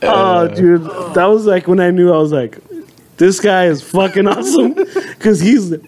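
High-voiced laughing podcast guy. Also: lively intonation, unhurried, a little mellow. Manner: laughs through his stories, swears freely. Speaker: podcast co-host. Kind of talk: casual chat.

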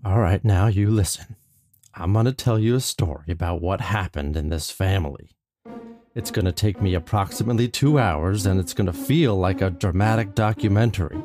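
A man voicing a slow, deep-voiced wise older narrator, smooth and measured. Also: darkish tone, no echo, faint music behind, natural voice. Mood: solemn.

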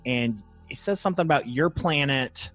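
A man's voice: medium pitch, normal speed, fairly bright tone, soft background music. A man co-hosting a casual podcast, joking and reading quotes aloud from sources. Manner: jokey, reads quotes aloud. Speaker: podcast co-host. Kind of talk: casual chat.

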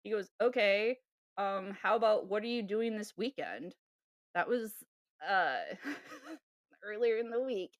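A woman co-hosting a podcast, telling a dating story in a casual, animated way with sighs and laughs. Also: mid-range voice, a little slow, dry recording. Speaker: podcast co-host. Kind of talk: casual chat.

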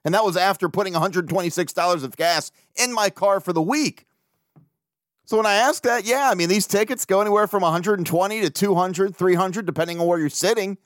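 A man rambles through his solo sports podcast, swearing freely and laughing as he goes. His voice sits a little high for a man and the sound is dry and close. He talks loosely and animatedly. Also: a little fast, no room sound. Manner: profane, animated, laughs often. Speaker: podcast host. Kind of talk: casual solo podcast talk.

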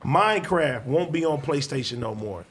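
A man's voice: medium pitch, lively intonation, normal speed, breathy edge. A young man casually chatting and bantering with friends, steering the talk to new topics. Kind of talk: casual group chat.

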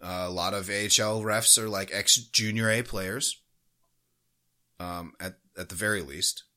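A man's voice: fairly low pitch, fairly even intonation, measured pace, sharp tone. A man co-hosting a sports podcast, ranting heatedly with constant swearing. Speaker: podcast co-host. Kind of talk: casual podcast rant.

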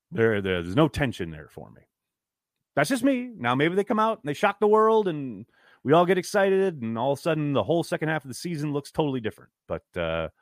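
A man's voice: mid-range voice, no room sound, clean studio sound. A man hosting a podcast, reading out fan comments and answering them in a frank, downbeat, exasperated way, swearing freely. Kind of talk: casual live-stream chat.

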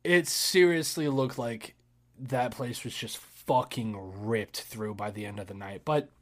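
A young man telling a story in casual podcast chat, animated, swearing and laughing, acting out his own shouts. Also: mid-range voice, unhurried.

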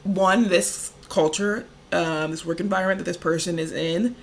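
A woman with a fairly low voice co-hosts a podcast, keeping a steady tone and a moderate pace. The conversation is casual and loose, with frequent "like" fillers and easy laughter.

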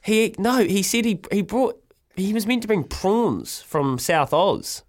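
A man with a New Zealand accent hosting a radio show, telling stories in a casual, animated way and acting out quotes. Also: high-pitched, measured pace. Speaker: radio host. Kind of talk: casual chat.

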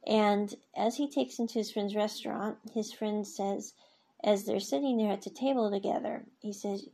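A woman with a gravelly, husky voice talks casually through scenes from a drama series. Her tone stays mellow and dark as she retells what the characters say, with plenty of fillers along the way. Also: mid-range voice, fairly even intonation, normal speed. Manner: chatty, retells scenes with quoted lines, frequent fillers. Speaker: series reviewer.

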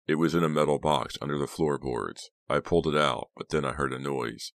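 A man's voice: a bass voice, fairly quick, creaky, dry recording. A man voicing a groggy, injured teenage boy who groans through his story.

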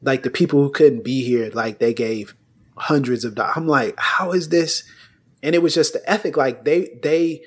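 A man hosting a casual conversation, telling a personal story in an animated way. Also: medium pitch, normal speed.

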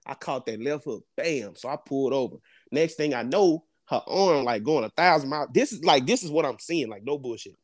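Speaking briskly with few pauses, a young man in a mid-range voice co-hosts a podcast and tells a story in casual conversation. The studio sound is clean with no echo; he's animated and profane, laughing frequently.

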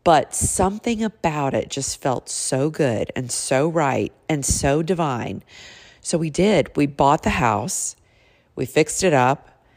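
A woman's voice: low-pitched, expressive, slow, a little mellow, big-room sound. A middle-aged woman who works in real estate, telling a personal story in a chatty, earnest way and turning tearful as she speaks. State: teary, voice breaking.

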